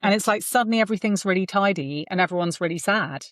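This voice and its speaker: A woman's voice: mid-range voice, quick pace, no echo, studio quality. A middle-aged woman, a podcast guest telling candid, self-mocking stories about family life in casual conversation. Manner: candid, self-mocking storytelling with quoted voices.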